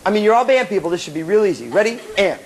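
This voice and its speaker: A man's voice: sits high, sing-song, rapid-fire. A man giving a live motivational seminar to student band members, playful and blunt, acting out people's inner voices and now and then swearing. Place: hall with a student audience. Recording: 1985 live cassette tape with faint audience and hiss.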